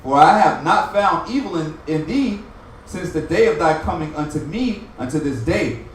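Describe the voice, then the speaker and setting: A man with a high voice reads scripture aloud, verse by verse, in a measured and formal way. He now and then stumbles over a word. He sits away from the mic in a very echoey room. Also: expressive, distant mic, a little hiss or hum. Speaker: scripture reader.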